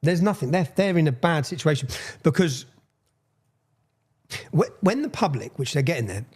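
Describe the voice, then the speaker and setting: A man's voice: on the high side, animated, moderate pace, darkish tone, husky. A man with an English accent giving a TV interview, speaking in a defiant, emphatic way and repeating phrases for weight.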